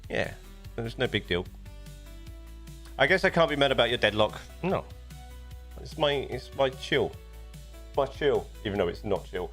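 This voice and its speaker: A man's voice: medium pitch, expressive, unhurried, pauses often, a bit bright, soft background music. Chatty British man streaming live. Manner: rambling, chatty, often restarts sentences. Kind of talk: casual live-stream chat. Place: home desk setup.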